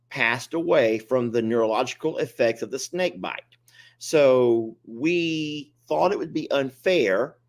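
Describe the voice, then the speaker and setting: A man, co-hosting a casual chat and rambling in a self-mocking, chatty way. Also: fairly high pitch. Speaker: co-host of an animal sanctuary channel.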